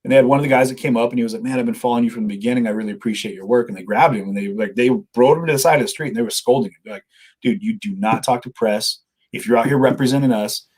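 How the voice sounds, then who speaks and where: Fast rambly guy telling stories, husky voice, keeps quoting people. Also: medium pitch, a little mellow. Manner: rambling storytelling, quotes himself and others. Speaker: live-streamer guest. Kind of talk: casual conversation.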